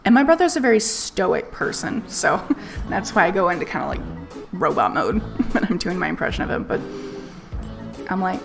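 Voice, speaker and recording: A woman's voice: on the low side, sing-song, moderate pace, creaky. A woman streaming live, telling a personal story in a candid, casual way and swearing freely. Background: faint music playlist.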